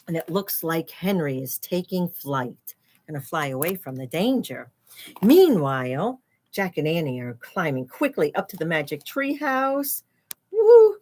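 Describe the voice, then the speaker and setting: A woman's voice: sits low, a little slow. A woman teaching children as she reads a picture book aloud, explaining words and gasping and exclaiming at the pictures. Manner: animated, explains terms, gasps and exclaims at pictures.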